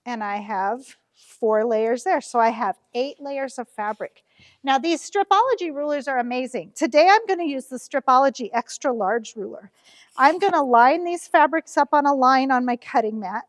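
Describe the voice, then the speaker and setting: A Nebraska woman with a high-pitched voice shows off a quilting ruler at her shop's cutting table, chatting in a friendly way full of fillers. The dry, studio-quality recording sounds as if it's in a large hall.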